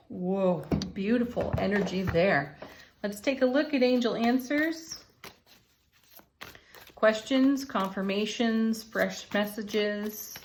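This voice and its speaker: A woman's medium-pitched voice, with a little hiss or hum on the recording, guides a casual tarot and oracle card reading. She's encouraging and laughs a lot while talking.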